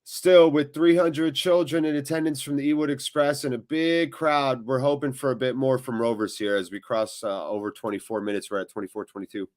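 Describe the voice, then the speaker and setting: A man hosting a live football watchalong, commentating on the match and chatting with viewers, with loud reactions to big moments. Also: mid-range voice, fairly even intonation, fairly quick, few pauses. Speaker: watchalong host.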